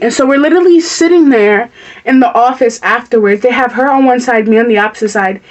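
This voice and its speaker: A woman's voice: fairly high pitch, brisk, recorded from a distance, lo-fi sound. Blunt, heated young woman telling a story. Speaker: vlogger. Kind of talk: storytime vlog.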